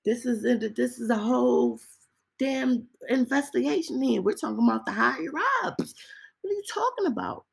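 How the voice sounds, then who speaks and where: A woman's voice: on the high side, animated, normal speed, creaky, a little mellow, breathy edge, rough recording. A woman hosting a podcast, ranting in a casual, heated and indignant way with lots of rhetorical questions. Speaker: podcast host.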